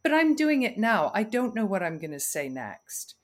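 On a podcast where she appears as a guest, the communication coach uses a medium-pitched and very animated voice. Still, her delivery stays measured and instructive, with deliberate breaths and pauses.

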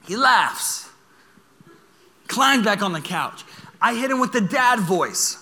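A young man preaching a sermon, telling a story in an animated way and laughing as he goes. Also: high voice, slow, gravelly, pauses often, long reverb tail. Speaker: pastor.

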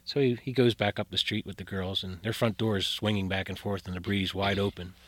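A man's voice: deep voice, fairly even intonation, brisk. A man telling eerie stories as a guest in casual talk, rambling with many fillers and restarts. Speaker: guest storyteller. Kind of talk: casual spoken storytelling.

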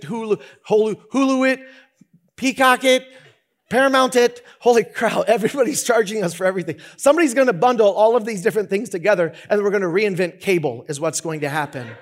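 A man preaching a sermon as pastor, talking in an animated, conversational way with many restarts. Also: high voice.

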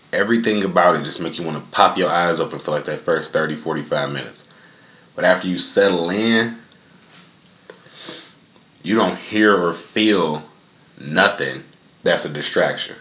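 A man's voice: deep voice, bright, forceful tone, roomy sound. A young man hosting a podcast, telling a story in a loose, profane, rambling way from his front yard. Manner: laid-back, profane, rambling with many fillers. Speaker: podcast host. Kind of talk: casual storytelling.

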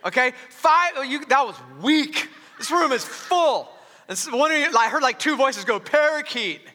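Speaking at a normal speed with lively intonation, this male pastor has a high, very bright voice and a chatty, self-deprecating style full of joking asides and frequent restarts. His sermon rings out under the long reverb of a large church hall.

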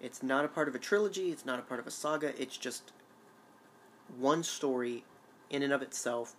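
A man's voice: mid-range voice, normal speed, fairly bright tone, a little hiss or hum. Eager rambling man co-hosting a fan chat. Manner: rambling, eager, many fillers and restarts. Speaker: show co-host.

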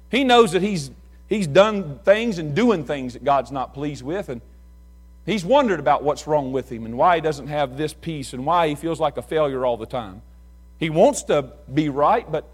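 A middle-aged man preaching a sermon, telling folksy stories and swinging from hushed talk to shouts. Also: a little high. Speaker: pastor.

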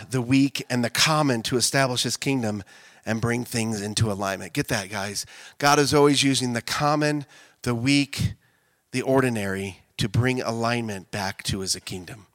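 Bright-voiced man giving a lively sermon. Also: medium pitch, a little slow, no room sound. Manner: conversational, bursts into loud impassioned shouting. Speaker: speaker at a women's event.

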